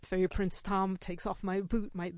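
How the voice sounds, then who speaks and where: A woman storyteller spins a personal tale for a live audience, animated and often laughing. She acts out the quoted speech in her story. Her voice sits at a middle pitch, and the sound is dry and close. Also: moderate pace, no echo.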